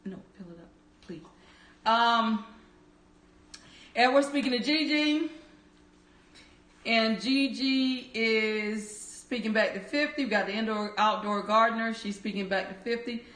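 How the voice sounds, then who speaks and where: A woman's voice: a little high, steady tone, a little slow, long pauses, fairly bright tone. A woman hosting a livestream, cheerfully greeting viewers by name and reading their chat comments aloud. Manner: upbeat, cheering. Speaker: livestream host. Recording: echoey room.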